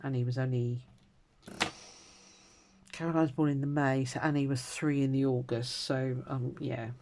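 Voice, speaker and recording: Low-voiced woman chatting while stitching. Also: steady tone, unhurried, noisy background. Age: 50s. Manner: rambling and chatty, drifts into quiet muttering. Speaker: crafter vlogger. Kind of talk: casual chat while stitching. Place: at home.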